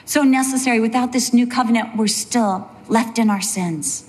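A woman teaching Bible study in an earnest voice. She slows down to stress points and slips into chatty asides. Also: on the high side, a little mellow.

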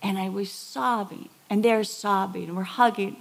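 A woman preaching a sermon, telling a personal story with lively acted-out quotes and soft whispered emphasis. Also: medium pitch, moderate pace, creaky.

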